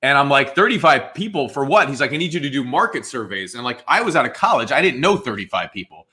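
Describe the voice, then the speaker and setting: A man in his forties with a New Jersey accent tells his story as an interview guest. His voice is bright and forceful, and he jumps into the voices of the people he quotes. He talks loosely, with plenty of "dude" and "man.". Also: medium pitch, quick pace. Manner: animated, acts out quoted dialogue, says "dude" and "man". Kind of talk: casual storytelling.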